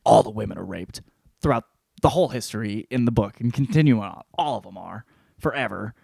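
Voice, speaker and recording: A man's voice: lowish voice, fairly quick, creaky, husky, no room sound. Profane rambling man, dry sound. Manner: profane, rambling, animated storytelling. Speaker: podcast host. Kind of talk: casual solo book-review monologue.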